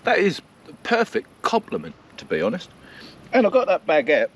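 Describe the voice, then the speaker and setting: Lively, chatty man outdoors. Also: high voice, normal speed, highs cut off, a little hiss or hum. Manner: chatty and self-mocking, laughs often. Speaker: vlogger. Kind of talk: casual vlog chat to camera. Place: outdoors at a countryside campsite.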